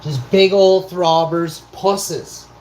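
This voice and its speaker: A man's voice: sits high, extremely slow, a little mellow. A man in his forties giving a confrontational, profane monologue as a vlog host, firing off rhetorical questions. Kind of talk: ranting monologue. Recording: roomy echo, faint noise.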